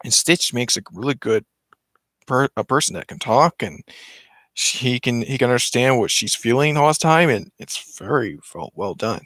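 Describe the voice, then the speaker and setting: A man's voice: mid-range voice, animated, normal speed, a bit bright, dry recording, clean studio sound. A man casually retelling a film's story, rambling with many restarts and self-corrections. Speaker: vlogger.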